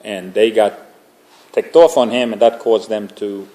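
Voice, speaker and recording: A man's voice: on the low side, steady tone, unhurried, warm tone. A man teaching an informal religious class, talking conversationally and making joking asides to the group.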